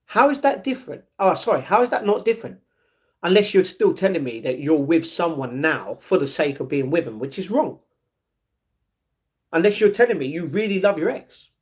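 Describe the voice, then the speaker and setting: Guy, 40s, glum and blunt on a livestream, kinda high voice. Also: expressive, normal speed, a little mellow. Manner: downcast, blunt, reads chat messages aloud and answers them. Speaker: livestreamer reading chat. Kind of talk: casual livestream chat.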